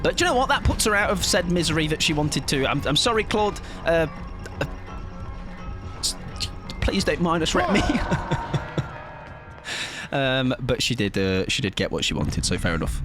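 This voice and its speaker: A young man streaming a game live, chatting to viewers in a playful, rambling, jokey way. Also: mid-range voice. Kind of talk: casual live-stream chat while gaming.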